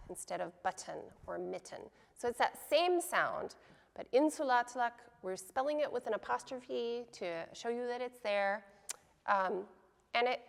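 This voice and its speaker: Patient woman teaching pronunciation, gravelly. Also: on the high side, big-room sound. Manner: patient, explains slowly, models words repeatedly. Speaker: language teacher. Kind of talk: pronunciation lesson.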